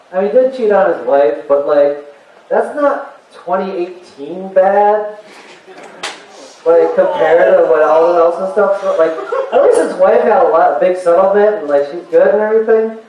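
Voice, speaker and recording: A man of about forty does stand-up on a convention stage. He talks in a chatty, rambling way, and his slightly high voice swings widely in pitch. He sounds far from the mic, in a heavily echoing hall, and the recording is muffled. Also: a little hiss or hum. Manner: chatty, rambling and animated, with frequent fillers and self-laughs. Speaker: stand-up comedian. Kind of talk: stand-up comedy set. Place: convention stage with a live audience.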